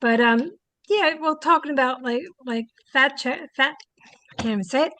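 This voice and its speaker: A middle-aged woman, a psychic guest, telling lively anecdotes with many fillers in an interview. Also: high-pitched, moderate pace, no echo, low-quality recording. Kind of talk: storytelling interview answers.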